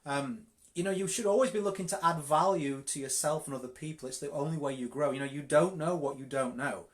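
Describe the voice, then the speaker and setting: A man's voice: fairly high pitch, a little fast. Emphatic Yorkshire man coaching live. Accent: Yorkshire English. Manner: direct, emphatic, repeats words for stress. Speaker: network marketing coach. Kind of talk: live-streamed coaching talk.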